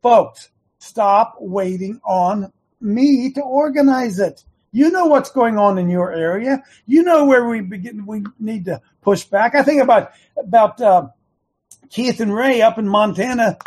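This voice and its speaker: A man hosting a talk show, speaking in an earnest, casual monologue that builds into fervent shouting, wearing earbuds. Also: high voice, animated, measured pace, breathy edge. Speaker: show host.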